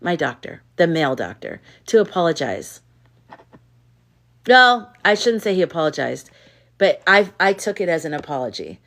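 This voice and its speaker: A woman's voice: on the low side, sing-song, normal speed, vocal fry, a bit bright. Candid woman chatting on a livestream. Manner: candid storyteller who reads chat comments aloud; outspoken and exasperated in anecdotes. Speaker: livestream host. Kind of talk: casual live chat with viewers.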